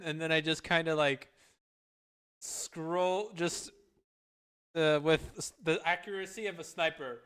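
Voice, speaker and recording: A man's voice: on the high side, measured pace, fairly bright tone, clean tone. A man chatting casually on a live stream, rambling and stumbling over repeated words.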